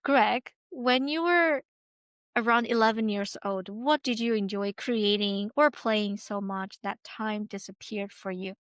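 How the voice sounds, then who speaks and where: A woman hosting an interview, speaking English as a second language in a gentle, reflective way. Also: mid-range voice, unhurried, no room sound. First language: not English. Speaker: host.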